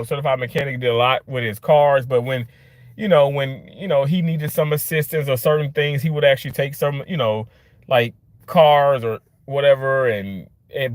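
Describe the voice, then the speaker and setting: A man's voice: a little high, no room sound. A man ranting in a casual vlog from his car, frustrated and swearing as he rambles. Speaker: vlogger.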